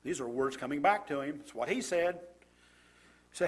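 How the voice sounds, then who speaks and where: Husky preacher with a lively voice. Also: male voice, fairly high pitch, normal speed, pauses often. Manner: reads scripture aloud, then comments with rhetorical questions. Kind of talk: sermon.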